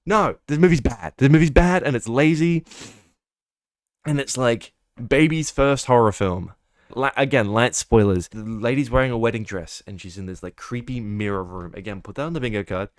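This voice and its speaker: A man's voice: mid-range voice, normal speed, dry recording, clean studio sound. A young man giving a casual film review, ranting with exasperation and swearing, mocking what he dislikes. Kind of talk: casual monthly movie review.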